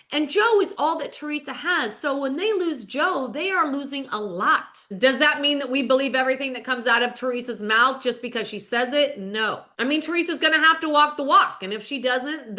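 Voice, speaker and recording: A middle-aged woman hosts a podcast, spinning a story in a chatty, emphatic style and frequently addressing her listeners as "you guys." Her voice sits high with a sharp edge.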